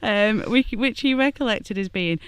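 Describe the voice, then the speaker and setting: A woman's voice: mid-range voice, lively intonation, normal speed, clear, resonant tone, no room sound. A woman, a podcast guest who swears freely and laughs easily, chatting and reading out a true-crime account in a garden. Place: a home garden outdoors.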